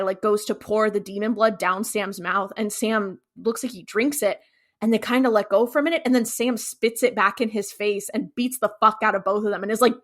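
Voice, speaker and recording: A woman's voice: medium pitch, a bit bright. A young adult woman co-hosting a casual podcast, recapping scenes animatedly and acting out the characters' lines. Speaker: podcast co-host. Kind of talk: casual rewatch podcast chat.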